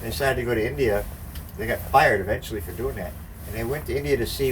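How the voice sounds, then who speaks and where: A man's voice: mid-range voice, fast talker. Older man telling a rambling story. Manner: rambling, profane, acts out quoted voices. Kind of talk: casual rambling anecdote. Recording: distant mic with faint background noise.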